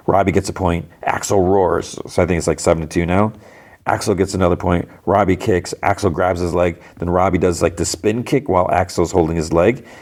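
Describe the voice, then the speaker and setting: A man hosting a podcast, casually retelling a show episode blow by blow with lots of fillers and quick self-corrections. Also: deep voice, a little mellow. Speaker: podcast host. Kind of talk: casual play-by-play episode recap.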